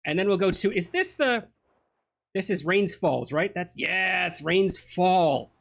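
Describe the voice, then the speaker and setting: A man's voice: sits high, lively intonation, slow, creaky, a bit bright. A man casually commenting on his playthrough of a game, chatty and joking. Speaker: let's play gamer.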